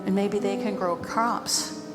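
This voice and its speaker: A woman's voice: medium pitch, fairly even intonation, takes it slowly, natural voice. A woman voicing an earnest young man who is searching for his lost wife and keeps asking questions, told live with music underneath. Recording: live with long reverb and background music.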